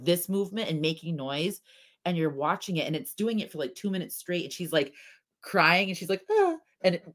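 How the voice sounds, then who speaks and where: Low-voiced woman telling animated stories. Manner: animated storytelling, acts out quotes, laughs often. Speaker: podcast co-host. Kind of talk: casual chat.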